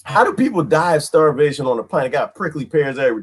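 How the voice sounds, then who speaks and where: A man's voice: quick pace, husky. A man ranting casually on a livestream, rambling in folksy slang, repeating himself and reading chat comments aloud. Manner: rambling and animated, swooping pitch, frequent laughs.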